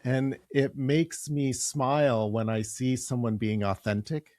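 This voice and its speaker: A man's voice: mid-range voice, level tone, unhurried, darkish tone, no room sound, studio quality. A man hosting an interview podcast, asking questions in an easygoing way and laughing readily. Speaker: podcast host. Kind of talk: conversational interview.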